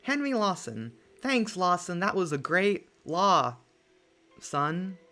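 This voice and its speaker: A streamer chatting through a live game stream, moving between excited exclamations and mumbled asides. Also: medium pitch, slow. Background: faint lo-fi music.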